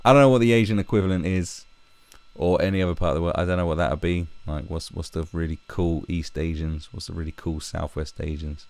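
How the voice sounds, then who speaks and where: A man ranting profanely as a stream commentator, with animated, exasperated outbursts. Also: low voice, fast, dry recording.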